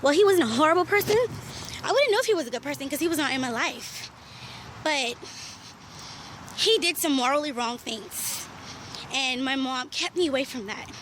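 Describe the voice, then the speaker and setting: A woman's voice: sits high, expressive, normal speed, long pauses, fairly bright tone. A young Bahamian woman talking candidly in a casual vlog while walking uphill outdoors in the heat, a little out of breath. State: slightly out of breath. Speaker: vlogger. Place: outdoors in hot sun. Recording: noisy outdoor background.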